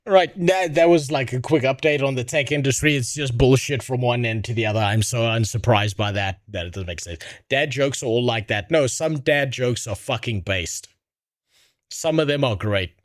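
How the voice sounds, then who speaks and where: A man's voice: mid-range voice, moderate pace, no room sound. A male streamer reacts live with blunt, profane commentary and laughs at his own jokes. His mid-range voice sounds dry and close to the mic.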